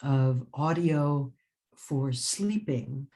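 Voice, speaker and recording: Energetic woman telling a story in a relaxed interview. She rambles warmly from one thought to the next, breaks off to laugh, and restarts her sentences as ideas come. Her speech sounds lively and unscripted. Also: very deep voice, very slow. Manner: laughs often and restarts phrases. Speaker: author and writing teacher. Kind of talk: casual interview chat.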